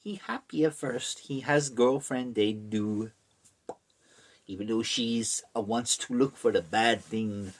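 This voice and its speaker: A man giving a comedic summary of a horror book, deadpan and in deliberately broken caveman-style English. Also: mid-range voice.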